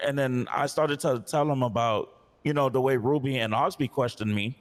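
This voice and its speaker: A man's voice: mid-range voice, normal speed, long reverb tail. A man playing a police officer in a role-play game, frustrated and recounting past conversations in detail. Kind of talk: in-character role-play complaint.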